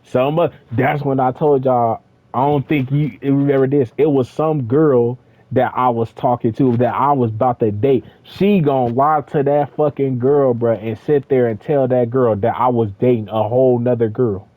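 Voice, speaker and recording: A man's voice: medium pitch, normal speed, dry recording. A young man casually telling a rambling, profanity-laced story to his friends. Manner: profane, rambling, animated with laughs. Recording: tinny phone-like dry recording.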